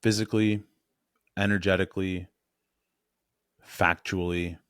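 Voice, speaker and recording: A man coaching on voice and presence in a blunt, animated, casual way, correcting himself as he goes. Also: low voice, unhurried, clear, resonant tone, no echo, clean studio sound.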